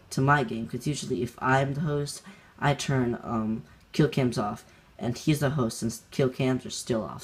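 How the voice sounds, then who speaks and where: A man's voice: mid-range voice, a little mellow. A young man hosting a gaming channel, recounting a match in rambling casual commentary, laughing often and full of fillers and restarts.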